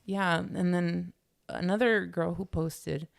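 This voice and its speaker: Gravelly, earnest woman guest. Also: lowish voice, steady tone, takes it slowly, dry recording, studio quality. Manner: earnest, emotional, quotes others in little voices. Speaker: podcast guest. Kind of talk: candid personal conversation.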